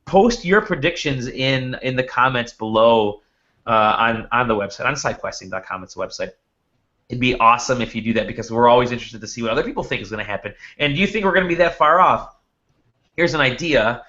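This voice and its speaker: Male podcast host, bright and forceful tone, rambling storyteller, muffled lo-fi sound. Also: medium pitch, expressive, brisk. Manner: rambling storyteller with many restarts. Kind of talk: casual podcast chat. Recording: dull lo-fi audio.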